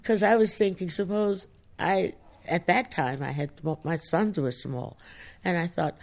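A woman author answering audience questions in a reflective, thoughtful way, pausing as she searches for words. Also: lowish voice. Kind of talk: reflective studio talk.

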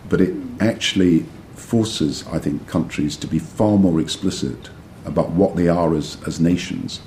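A male politician answering in an interview, hesitant with frequent pauses and restarts. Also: low voice, fairly even intonation, mellow, a little hiss or hum.

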